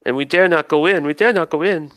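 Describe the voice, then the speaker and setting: A man voicing a graceful, gentle female tree spirit who speaks in a breathless, pleading way. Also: medium pitch, sing-song, slow pace, no echo, clean studio sound, pitched above the performer's own voice, full character voice. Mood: anguished.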